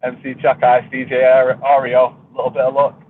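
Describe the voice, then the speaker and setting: A man's voice: mid-range voice, monotone, normal speed, narrow, tinny audio, a little hiss or hum. A man hosting a casual live stream from a car, joking, laughing and swearing casually. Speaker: reefing channel host. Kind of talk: casual live-stream chat while driving. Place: car on the road.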